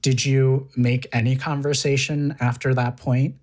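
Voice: medium pitch, little pitch movement, measured pace, darkish tone. An interviewer prompting a guest with curious follow-up questions in casual conversation.

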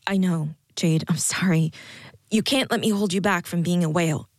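A woman reading the part of a reserved, apologetic young woman, speaking in a hesitant, quiet way. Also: fairly low pitch, normal speed, no room sound, clean studio sound, lightly acted.

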